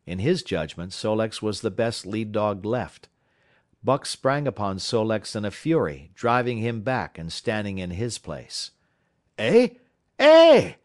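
A man from South Carolina reading a classic novel aloud as an audiobook narrator, in a measured, steady storytelling manner. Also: fairly low pitch, no echo, studio quality.

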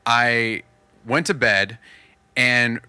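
A man's voice: medium pitch, extremely slow, pushed and bright, smooth, no room sound. A man in his thirties telling a candid, rambling story as a podcast guest, laughing often and full of fillers. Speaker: podcast guest, touring musician. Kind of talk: casual storytelling.

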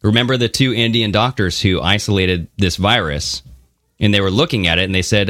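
A man's voice: fairly low pitch, fairly quick, a bit bright, dry recording, studio quality. A man co-hosting a podcast, talking casually and animatedly, swearing now and then and mocking others in funny voices. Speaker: podcast co-host. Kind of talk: casual conversational podcast talk.

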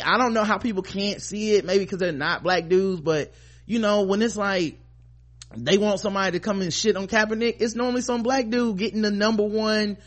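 A podcast host talks in a rambling, impassioned, profane way, offering casual commentary. His voice is high-pitched and a bit bright.

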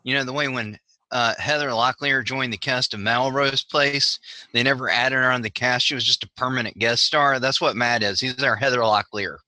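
A Southern man co-hosts a casual wrestling podcast, rambling and tripping over repeated words. His voice is very bright and forward. The recording is dry and close. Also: mid-range voice, steady tone, moderate pace, dry recording. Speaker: podcast co-host. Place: Pennsylvania.

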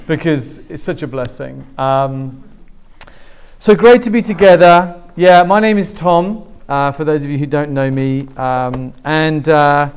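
A man's voice: on the high side, unhurried, smooth. A man with an English accent, preaching a sermon to a live congregation and joking with them as he goes. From England. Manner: warm, joking, talks with the congregation. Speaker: pastor. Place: church hall with a live congregation.

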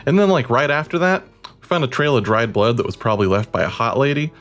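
A man voicing an excitable, animal-loving adventurer who chattily recounts a fight in a mock interview. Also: mid-range voice, quick pace, faint music behind, pitched above the performer's own voice, lightly acted. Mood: excited. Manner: rambling, chatty, exaggerated quoted voices. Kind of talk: mock interview role-play.

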